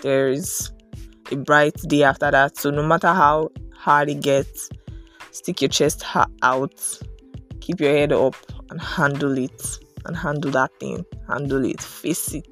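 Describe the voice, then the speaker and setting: A woman's voice: low voice, measured pace, faint music behind. A young woman giving an earnest, casual motivational talk. She fills her speech with "like" and "right?". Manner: earnest, animated, many fillers like "like" and "right?". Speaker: motivational podcaster.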